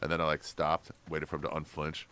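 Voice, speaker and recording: A man co-hosting a podcast, telling quick, offhand stories in casual chat. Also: rumbling low, completely flat delivery, pushed and bright, smooth.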